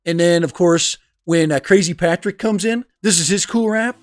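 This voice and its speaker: A chatty man with a high-sitting voice at normal speed hosts a casual livestream from a home room, reading comments and talking to his chat. A livestream host and teacher, he rambles and laughs often. His desk microphone captures a dry, close, echo-free sound with music behind.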